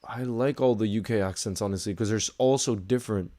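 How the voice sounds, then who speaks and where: A man's voice: on the low side, fast talker, mellow. A man with a Northern Irish accent chatting casually through a live match watchalong, greeting viewers and answering their questions.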